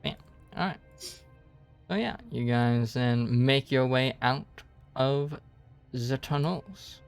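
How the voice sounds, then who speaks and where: A man narrating as dungeon master of a tabletop game, relaxed and casual, with quiet music behind. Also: medium pitch, slow pace, creaky, smooth.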